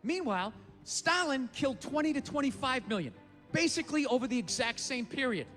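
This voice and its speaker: A man's voice: extremely high pitch, expressive, brisk, a bit bright, long reverb tail, soft background music. A man doing a stand-up comedy routine on a club stage, ranting with profane disbelief.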